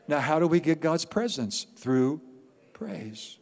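A man preaching a sermon as pastor, animated and playful, repeating words for emphasis. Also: mid-range voice, measured pace. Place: church sanctuary. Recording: long reverb of a large hall.

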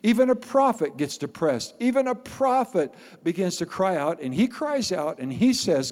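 A man preaching a sermon as pastor, animated and playful, repeating words for emphasis. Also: high voice, moderate pace, hardly any pauses. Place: church sanctuary. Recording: long reverb of a large hall.

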